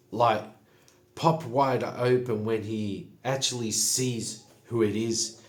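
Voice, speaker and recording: A man narrating a solo tabletop game in an unhurried, matter-of-fact way. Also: lowish voice. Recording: echoey room.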